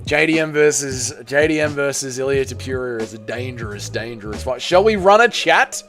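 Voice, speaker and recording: A man's voice: mid-range voice, lively intonation, moderate pace, a bit bright, faint music behind. A man with an Australian accent hosting a live stream, chatting casually, reading out and answering viewer comments, and swearing now and then.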